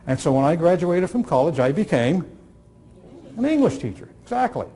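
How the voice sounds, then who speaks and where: A man in his sixties giving a storytelling talk on listening skills, using dramatic pauses, repetition and dry humor. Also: a little high, big pitch swings, dark tone, slightly rough. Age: 60s. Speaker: speaker on communication skills. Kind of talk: storytelling talk to a live audience.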